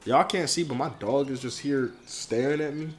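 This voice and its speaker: A young man casually commenting while he streams a video game, talking to his chat in animated slang from home. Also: medium pitch, moderate pace, a little hiss or hum. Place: indoors at home. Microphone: headphones on, streaming setup.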